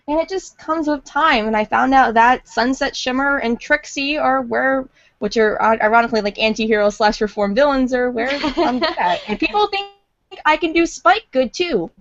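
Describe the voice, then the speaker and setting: On dull, lo-fi audio, a high-voiced woman chats casually at a moderate pace for a podcast. She's a fan voice actor, chatty and self-deprecating, and she tends to ramble a bit.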